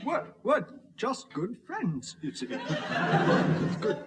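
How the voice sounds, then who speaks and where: An actor playing a sheepish, stammering husband who dotes on household objects in a sketch. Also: male voice, extremely high pitch, huge pitch swings, very slow, full character voice. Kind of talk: 1960s sketch comedy acting.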